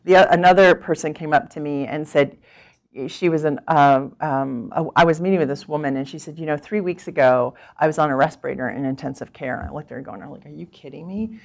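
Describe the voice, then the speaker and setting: A woman's voice: low-pitched, a little fast, gravelly. A middle-aged woman physician giving a talk, telling patient stories and acting out what people said, with frequent restarts. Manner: animated storyteller, acts out quoted people with laughs; thinks aloud with restarts and fillers. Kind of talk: conference talk with storytelling.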